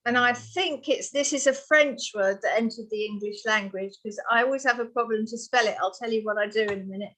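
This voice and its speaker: Patient female tutor with a bright voice. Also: a little high, brisk, hardly any pauses. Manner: patient, explaining step by step. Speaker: English exam tutor. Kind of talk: one-on-one vocabulary lesson.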